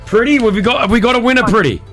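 A man hosting a breakfast radio show, excitable and quick to jump in as he runs the banter. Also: very high voice, faint music behind. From Lebanon. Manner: animated, excitable, talks over others.

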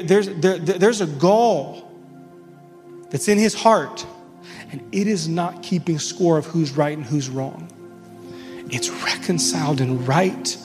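Earnest male pastor, thirties, mid-high voice; live church hall reverb, faint music bed. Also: a little mellow. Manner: earnest, emphatic, with frequent restarts. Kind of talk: sermon.

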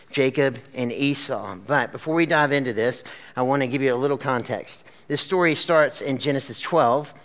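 Bright-voiced chatty male preacher. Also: medium pitch. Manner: chatty, lots of fillers like "like" and "okay?"; animated storyteller addressing a live crowd. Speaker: pastor. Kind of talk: casual conversational sermon. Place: church gathering with a screen.

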